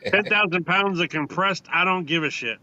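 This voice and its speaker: A man's voice: high voice, normal speed, pushed and bright, dull audio. A man joking around in casual chat among friends, telling crude, profane, rambling anecdotes. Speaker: podcast co-host.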